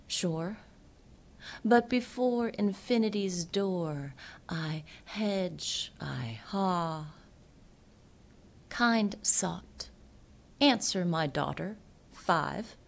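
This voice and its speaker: A woman reading her poems aloud in a slow, hushed delivery that often sinks into a whisper. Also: lowish voice. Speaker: poet. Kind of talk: poetry reading.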